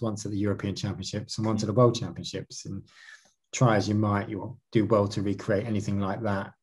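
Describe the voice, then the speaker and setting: A man tells his story in an interview, animated and quick to restart his sentences. His voice sits a little low and sounds husky. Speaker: marathon canoe racer. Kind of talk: interview answers.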